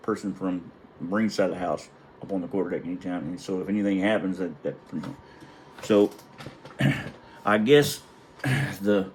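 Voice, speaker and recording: A man's voice: deep voice, normal speed, pauses often, a little hiss or hum, rough recording. A middle-aged man, a retired Navy chief, telling a wry and profane story in a casual, rambling way. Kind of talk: casual anecdote.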